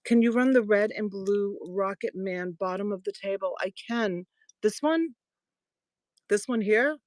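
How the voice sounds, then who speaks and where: A woman runs a casual live jewelry sale, talking to her viewers one by one and calling them sweetheart and honey. Her pitch sits in the middle range for a woman. The sound is dry, with no room echo. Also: measured pace, a little mellow. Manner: chatty, affectionate, thanks viewers by name. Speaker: live-stream jewelry seller. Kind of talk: casual live-selling chat.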